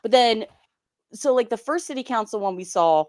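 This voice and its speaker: A woman's voice: medium pitch, expressive, brisk, a little mellow, no room sound, studio quality. A woman hosting a live stream, reacting to clips and chatting with viewers in a drawling, sarcastic way. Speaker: stream host. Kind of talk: casual live-stream commentary.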